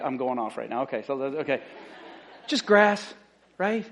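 A middle-aged man preaching a sermon as lead pastor, fervent and emphatic, repeating key phrases and swinging from loud excited bursts to quiet asides. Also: moderate pace, pauses often. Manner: fervent, emphatic repetition, rising to excited outbursts then dropping low.

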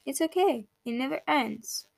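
Woman, young adult, high voice, dry close sound, reflective monologue, emotional, candid. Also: expressive, measured pace, vocal fry, no room sound. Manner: emotional, candid, swears casually. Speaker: podcast host.

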